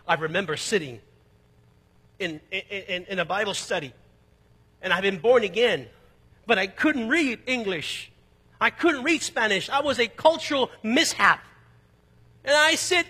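A pastor from East Los Angeles preaching a sermon, emphatic and rising to loud peaks, with conversational asides and personal stories. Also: male voice, high voice, moderate pace, slightly rough. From East Los Angeles, United States. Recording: long reverb of a large hall.

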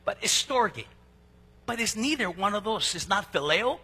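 Male pastor, high lively delivery, bright husky tone, preaching sermon-style. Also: normal speed, in a large hall. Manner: animated preaching with sudden loud and soft swings.

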